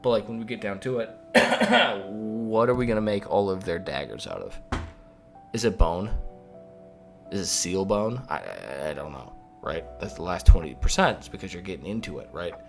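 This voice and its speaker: A man's voice: low-pitched, moderate pace, gravelly. A man hosting a livestream update, talking casually and animatedly, reading chat and swearing now and then. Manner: rambling, animated, swearing, reads chat aloud. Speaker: mod developer hosting a stream update. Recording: faint music behind.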